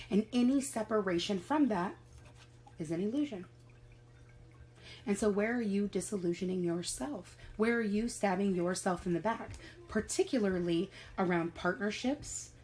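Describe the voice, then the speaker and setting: Woman, spiritual reading, encouraging, repeats phrases, casual swearing, mid pitch. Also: darkish tone, low-quality recording. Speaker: tarot reader.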